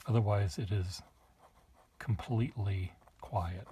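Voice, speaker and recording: In this clip a pen collector takes it slowly, pausing often, his voice lowish and darkish over slight background noise. He shows nibs to the camera at a desk, writing and musing aloud with small asides in a casual show-and-tell.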